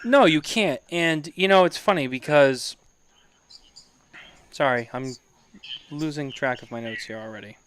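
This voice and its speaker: A man co-hosting a casual talk show, animated and teasing, laughing often as he talks. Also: a little high, a little slow, pauses often, slight background noise. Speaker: podcast co-host. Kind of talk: casual chat.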